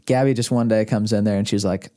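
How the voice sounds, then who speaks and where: Mellow-voiced man telling stories. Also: lowish voice, fairly even intonation, fast talker. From Arkansas, USA. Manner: rambling, chuckling, with frequent restarts. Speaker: podcast guest, husband of host. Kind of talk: casual storytelling conversation. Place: indoors, podcast studio room.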